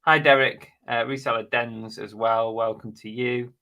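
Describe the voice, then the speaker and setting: A man's voice: medium pitch, steady tone, a little slow, sharp tone. A man hosting a casual live stream, chatting bluntly and jokily while reading out viewer comments.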